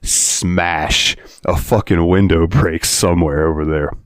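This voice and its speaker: A man's voice: low voice, steady tone, slow, no echo, studio quality. A man co-hosting a podcast, telling a rambling story in casual chat, laughing and swearing freely. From Florida. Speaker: podcast co-host.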